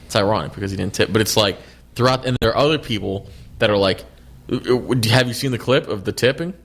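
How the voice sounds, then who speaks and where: Male podcast co-host, lower voice, rapid-fire and profane, argues his point hard. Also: vocal fry. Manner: fast, animated, swears a lot, argumentative. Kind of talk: casual chat about movies.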